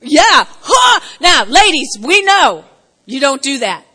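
A woman pastor preaching a sermon, telling stories with animated, laughing delivery. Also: high voice, slow pace.

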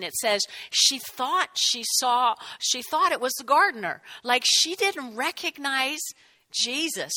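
Woman preacher, kinda high voice, really bright tone, asks the crowd lots of questions. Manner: expressive, asks the listeners questions. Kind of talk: sermon.

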